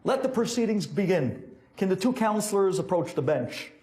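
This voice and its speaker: Man playing a stern judge, scolding, formal, lively pitch. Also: normal speed. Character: stern male courtroom judge.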